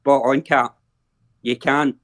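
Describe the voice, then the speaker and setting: A man's voice: medium pitch, level tone, slow, a bit bright. A man with a Glasgow accent chatting casually as a co-host on a sports watch-along stream. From Scotland. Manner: chatty, says aye. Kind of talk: casual chat.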